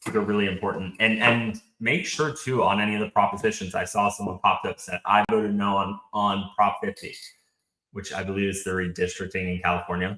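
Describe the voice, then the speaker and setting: A man's voice: low-pitched, fast, hardly any pauses. Opinionated man from North Carolina, roomy sound. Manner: animated, opinionated. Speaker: podcast guest. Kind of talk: casual political chat.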